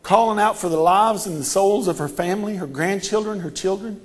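A man with a notably high voice delivers a sermon. He swings from hushed storytelling to fervent, repeated declarations. His delivery builds to shouts. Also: fairly quick. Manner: impassioned, building to shouted repetitions. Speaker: preacher.

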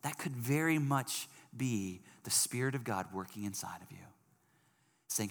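A male pastor preaching a sermon in a church, animated and emphatic, swinging from loud emphasis to soft, earnest passages. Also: lowish voice, moderate pace, gravelly. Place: church service hall. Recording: long reverb of a large hall.

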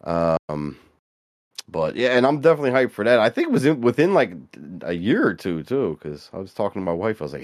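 A man's voice: lowish voice, big pitch swings, fairly quick, no echo, clean studio sound. A man co-hosting a casual podcast, talking loosely with plenty of swearing, trailing off and restarting his sentences. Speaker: podcast co-host. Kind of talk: casual chat.

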